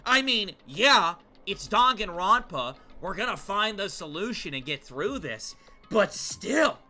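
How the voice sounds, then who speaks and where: Excitable male streamer, bright high voice. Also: measured pace, soft background music. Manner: excitable, swears, stammers when worked up. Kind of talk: let's play commentary.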